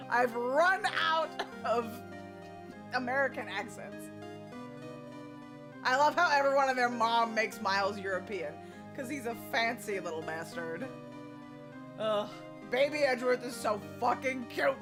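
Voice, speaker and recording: A woman's voice: fairly high pitch, expressive, a little slow, pauses often. A young woman streaming a game, chatting casually, giddy and gushing, with occasional swearing. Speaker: let's play streamer. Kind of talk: casual gaming commentary. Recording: game music underneath.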